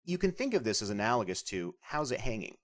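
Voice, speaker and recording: A man narrates a scripted beginner language lesson. He explains each point clearly and patiently. His pitch moves widely and his tone stays lively as he guides the learner. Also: quick pace. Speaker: language instructor.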